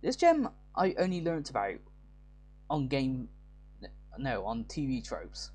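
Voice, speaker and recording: A man's voice: mid-range voice, sing-song, slow, a little mellow. A man casually commenting as he plays a game, rambling and often correcting himself mid-sentence. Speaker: let's play host.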